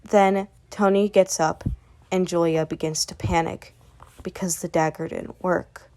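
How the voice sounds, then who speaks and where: A woman's voice: on the low side, fairly even intonation, unhurried, darkish tone. Woman rambling through a comic recap. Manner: rambling storytelling that relays each character with "and she's like". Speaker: webcomic recap channel host.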